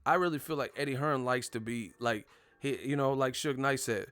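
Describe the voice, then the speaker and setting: A man's voice: medium pitch, moderate pace, no echo, soft background music. A young man hosting a boxing live stream, ranting casually and profanely and slipping into impressions of the people he talks about. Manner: animated, profane, mimics others mid-rant. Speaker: boxing show host.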